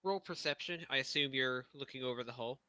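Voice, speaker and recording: A man as game master of a tabletop game, giving even, matter-of-fact rulings with pauses. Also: mid-range voice, low-quality recording.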